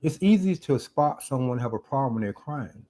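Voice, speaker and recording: A man's voice: medium pitch, expressive, moderate pace, warm tone. A middle-aged man, a former police officer, talking earnestly in a reflective monologue and repeating phrases for emphasis. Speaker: YouTube commentator. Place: parked car.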